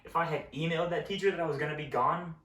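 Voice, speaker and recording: A man's voice: on the high side, steady tone, rapid-fire, fairly bright tone, recorded from a distance. Young man, casual vlog storytelling, exasperated ranting, echoey room, mic set back. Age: young adult. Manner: ranting, exasperated, swears freely. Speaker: vlogger.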